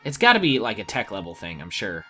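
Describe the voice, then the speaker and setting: A man's voice: lowish voice, huge pitch swings, fast talker, pushed and bright, faint music behind. A man giving casual gameplay commentary, talking to the game with exasperated outbursts. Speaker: let's play gamer.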